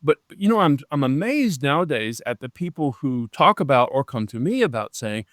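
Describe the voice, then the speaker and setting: A man in his seventies, a leadership coach interviewed as a guest, talking earnestly and slowing down to stress key phrases. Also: mid-range voice, no room sound, studio quality. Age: 70s. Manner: earnest and animated, slows down to stress key phrases, acts out quoted voices. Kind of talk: conversational interview.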